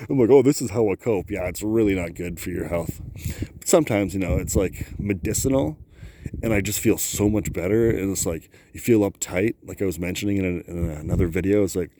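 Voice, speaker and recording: A man's voice: low-pitched, normal speed, dark tone. Rambling man vlogging outdoors in the cold. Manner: rambling, laughs often, self-talk. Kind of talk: casual rambling vlog. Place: outdoors on a high lookout, cold.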